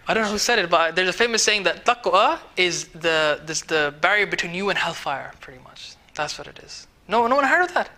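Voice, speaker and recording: A man's voice: high voice, lively intonation, a little fast, few pauses, bright, forceful tone. A man teaching a casual tafsir class, talking conversationally and mixing in Arabic phrases while checking that his students follow. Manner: mixes in Arabic words and phrases. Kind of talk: casual tafsir lesson to a small group.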